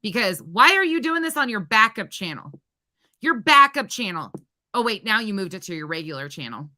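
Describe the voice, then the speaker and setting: A woman's voice: medium pitch, big pitch swings, moderate pace, pushed and bright. A woman hosting a livestream, ranting profanely and confrontationally and repeating phrases for emphasis. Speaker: livestream host. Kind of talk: heated commentary livestream.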